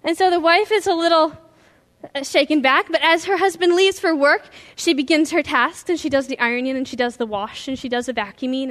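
High-voiced woman pastor preaching. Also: a bit bright. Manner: earnest, emphatic, storytelling. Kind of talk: sermon.

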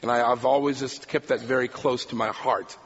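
Fast-talking husky preacher man. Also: medium pitch, long reverb tail, muffled recording. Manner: fast-talking, animated storyteller. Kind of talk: sermon storytelling.

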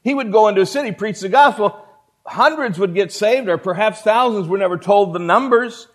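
A male pastor delivers a sermon, folksy and emphatic, speaking straight to the room. His voice sits high for a man. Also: fairly quick, a bit bright.

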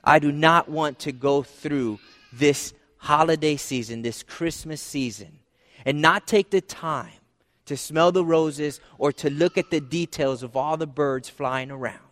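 Earnest high-voiced male pastor, hall echo. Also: fairly bright tone. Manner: earnest, repeats phrases for emphasis. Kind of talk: sermon. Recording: long hall reverb.

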